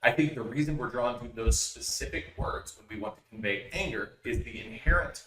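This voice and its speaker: In a room with noticeable echo, a podcast co-host pushes his side of a casual argument, interrupting often and stumbling into restarts. He speaks fairly quickly at a medium pitch, with a slightly bright sound.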